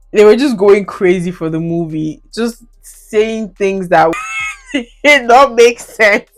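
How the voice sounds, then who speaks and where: A young Nigerian woman with a Nigerian accent, talking casually about movies as a video reviewer. She laughs often and slips into Nigerian Pidgin. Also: mid-range voice. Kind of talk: casual commentary on her old reviews.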